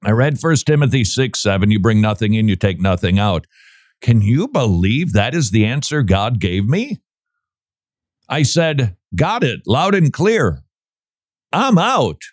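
A man putting on a breezy, self-assured woman politician in a mocking parody, telling how a random Bible verse changed her life. The voice swings lively and stays dry. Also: mid-range voice, unhurried, no room sound.

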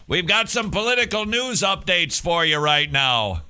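A male talk radio host reads out news stories, cutting in with sarcastic, animated remarks and laughing readily. His high-pitched voice is strikingly bright, forward and clean, and a lively, mocking edge never leaves his delivery.

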